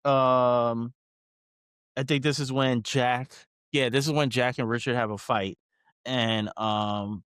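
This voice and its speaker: A man co-hosting a podcast, talking in a relaxed, casual way with lots of fillers. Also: mid-range voice, takes it slowly, clear, resonant tone, dry recording, studio quality. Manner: relaxed, conversational, many fillers. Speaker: podcast co-host. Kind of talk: casual chat.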